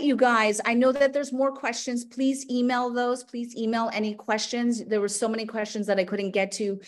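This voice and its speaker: A woman's voice: fairly high pitch, steady tone, normal speed, few pauses. Upbeat woman leading a webinar demo. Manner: upbeat and chatty, counts out movement cues. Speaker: podiatrist teaching a webinar. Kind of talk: live webinar Q&A and exercise demo.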